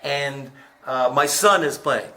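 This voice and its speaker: A man interviewing a coach, chatting casually and telling rambling stories with halting restarts. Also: medium pitch, pushed and bright. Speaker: interviewer and comedian. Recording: echoey room.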